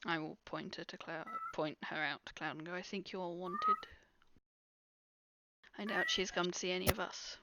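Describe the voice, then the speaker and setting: A woman's voice: lowish voice, fairly even intonation, fairly quick, hardly any pauses, bright, forceful tone, slight background noise. A woman playing a tabletop game, speaking in a wry, direct way. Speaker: player. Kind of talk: casual tabletop play. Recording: dull lo-fi recording.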